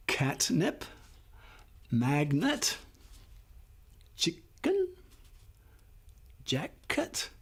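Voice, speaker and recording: A man teaching a phonics lesson, explaining syllable rules patiently and sounding out words slowly and clearly for the class. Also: medium pitch, darkish tone. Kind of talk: slow, clear classroom instruction.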